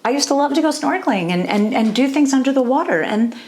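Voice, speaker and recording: A woman's voice: high-pitched, expressive, quick pace, a little mellow. A woman relationship coach speaking candidly and earnestly to the camera, confiding personal experience and often checking in with the listener.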